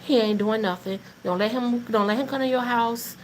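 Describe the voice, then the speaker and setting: A woman's voice: fairly high pitch, moderate pace, a little hiss or hum, low-quality recording. A woman hosting a live faith talk, mixing casual encouragement with funny family stories. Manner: animated, laughing, preachy encouragement in Southern Black vernacular. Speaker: host of a faith talk stream.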